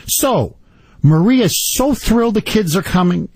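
Male talk radio host, mock-outraged, animated, slightly high voice, dry close sound. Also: a little slow, breathy edge, dry recording, low-quality recording.

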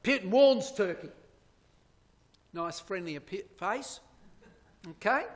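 A man's voice: high-pitched, lively intonation, takes it slowly. A man giving a sermon-style Bible prophecy lecture to his congregation. He speaks emphatically, points at slides and asks rhetorical questions. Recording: long hall reverb.

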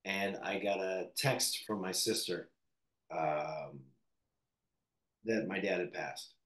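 A Canadian actor speaks candidly and reflectively in an interview, halting often with fillers and restarts. His voice is deep with a fairly bright tone, in an echoey room.

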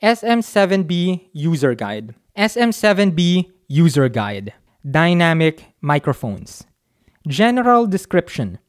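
A man's voice: on the high side, big pitch swings, unhurried. Guy testing his mic at home, talking close into it, chill and chatty, jokes about himself. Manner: chatty and offhand, with self-mocking asides. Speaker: microphone reviewer. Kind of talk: casual mic test demo. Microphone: dynamic studio mic, talking close.

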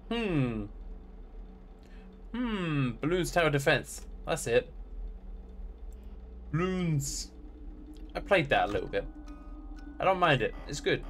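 A man's voice: on the high side, big pitch swings, unhurried, long pauses, fairly bright tone, soft background music. English man streaming, humming and chatting. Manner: hums idle tunes while playing, talks to chat casually. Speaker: game streamer. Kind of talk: casual live gameplay commentary, reading chat aloud.

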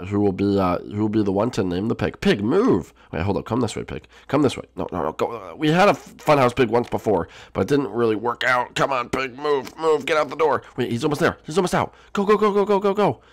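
A man voicing a jumpy young male turtle prince in a game video role-play, swinging between hushed whispers and sudden shouts. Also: medium pitch, gravelly, no echo, studio quality. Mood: excited.

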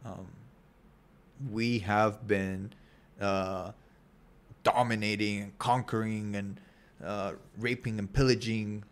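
A man's voice: lowish voice, steady tone, takes it slowly, pauses often, clean tone. A man co-hosting a podcast in casual chat, rambling and joking with many fillers. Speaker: podcast co-host.

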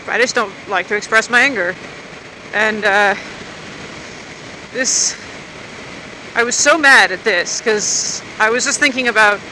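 A woman's voice: mid-range voice, pushed and bright, slight background noise, low-quality recording. A woman motovlogger chatting and grumbling in a rambling, unscripted way outdoors at a gas station.

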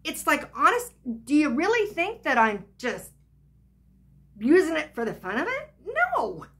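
A woman's voice: sits high, wildly swooping pitch, unhurried, fairly bright tone. An older woman vlogging, telling a personal story in a chatty, rambling way full of asides.

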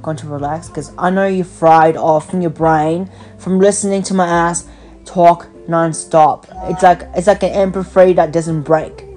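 A woman's voice: on the low side, steady tone, unhurried, a little mellow, faint music behind. A woman hosting a podcast, talking in a rambling, blunt casual chat over the phone and swearing freely. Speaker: podcast host.

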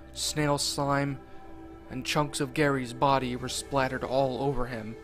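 A man narrates a horror story at a mid pitch, in a deliberate, unhurried reading that lingers on grisly details. Faint music plays underneath. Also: a bit bright.

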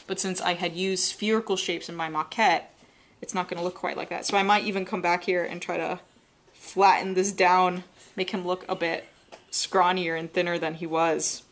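A woman with a fairly low voice leads a live drawing demonstration. She talks in a relaxed, chatty way while she works, walking viewers through each step. Her tone stays that of an instructor. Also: moderate pace. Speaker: art instructor.

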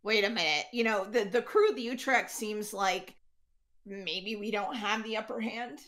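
A woman's voice: mid-range voice, a little slow, fairly bright tone. Chatty woman running a tabletop game. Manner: loose and chatty, full of fillers. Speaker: game master.

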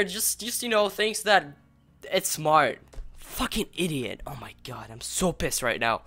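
A man's voice: fairly high pitch, big pitch swings, normal speed, pushed and bright. A young man giving gaming commentary while he plays, swearing a lot and ranting in frustration. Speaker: gameplay video creator.

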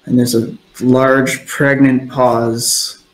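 A man's voice: medium pitch, level tone, drawn-out words. A man narrating a tabletop role-playing game as game master, in a loose, descriptive storytelling way. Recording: echoey room.

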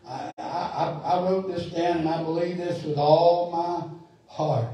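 A man's voice: fairly high pitch, fairly even intonation, a little slow, mellow. A man preaching a sermon as pastor, fervent and building to emphatic calls, recorded in a church sanctuary. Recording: echoey church hall, mic far off.

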